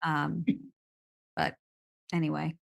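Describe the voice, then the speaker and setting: Brief: woman instructor, lowish voice with gravelly fry, bright tone, measured and thoughtful in casual chat. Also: little pitch movement. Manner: thoughtful and measured, giving advice. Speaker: electrology instructor. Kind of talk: casual conversational podcast chat.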